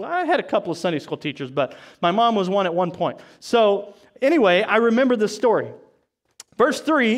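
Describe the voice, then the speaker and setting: High-voiced man preaching a sermon. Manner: conversational preaching with asides. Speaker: pastor. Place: church service.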